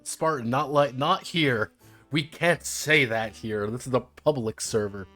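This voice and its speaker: A man's voice: medium pitch, measured pace, fairly bright tone, faint music behind. A man streaming live, rambling and joking and swearing freely as he walks through a tabletop game book. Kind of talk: casual live-stream chat.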